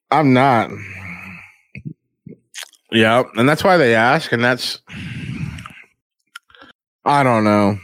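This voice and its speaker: A man's voice: very slow, pauses often, a bit bright, no room sound. A young man talking in a crude, rambling, profane casual chat. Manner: crude, rambling, profane, mimics others in high voices.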